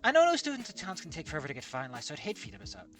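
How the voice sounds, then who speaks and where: A woman's voice: low voice, huge pitch swings, racing, faint music behind. A man voicing a chatty young female brachiosaur student in a breezy, polite way, reading a fan story aloud.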